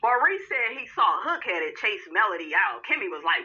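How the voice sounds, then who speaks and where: A woman's voice: medium pitch, big pitch swings, normal speed, sharp tone, dull audio. A woman hosting a casual reality TV recap, sassy and talkative, calling her listeners honey and child and laughing at the drama.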